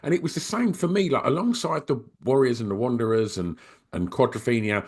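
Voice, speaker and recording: Lively English man hosting a podcast. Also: medium pitch, brisk, husky. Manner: enthusiastic, meandering questions. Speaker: podcast host. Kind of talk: casual interview.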